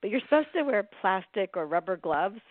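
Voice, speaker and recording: A woman's voice: medium pitch, brisk, no echo. Woman telling funny stories, phone-thin. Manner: animated, laughs while telling stories. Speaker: podcast host. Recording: phone-like, dry sound.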